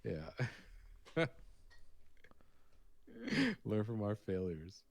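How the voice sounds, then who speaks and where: Very deep-voiced man telling stories. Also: drawn-out words, vocal fry, no room sound. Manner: rambling, animated storytelling with restarts. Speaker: co-host of a live painting stream. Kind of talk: casual chat.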